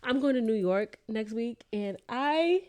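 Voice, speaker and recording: A woman's voice: fairly high pitch, lively intonation, unhurried, a little mellow, clear, resonant tone. A young adult woman hosting a casual podcast chat, talkative and emotional, laughing often. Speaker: podcast host.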